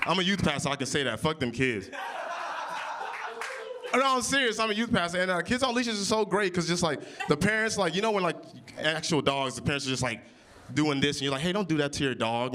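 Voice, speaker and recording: A man's voice: fairly high pitch, noisy background. Brash young man doing crowd-work stand-up. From Oklahoma. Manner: loud, brash, playful crowd work with swearing. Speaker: stand-up comedian. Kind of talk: improvised stand-up comedy. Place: winery comedy stage before a live audience.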